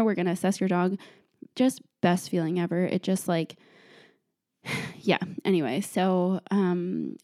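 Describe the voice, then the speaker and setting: A woman's voice: fairly low pitch, warm tone, dry recording, studio quality. A young woman hosting her show, telling a story casually with lots of "like" fillers and frequent laughs. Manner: chatty, full of "like" fillers, laughs often. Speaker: host.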